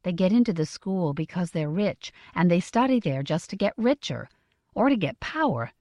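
A woman's voice: lowish voice, lively intonation, moderate pace, mellow, dry recording, natural voice. A woman voicing a big, strong, earnest young village woman in an audiobook, eager and wondering. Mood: troubled. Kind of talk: audiobook character voice.

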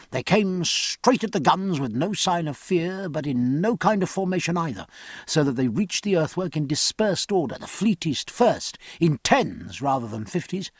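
A man narrating an audiobook in a measured, dramatic reading. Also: sits high, no room sound, studio quality.

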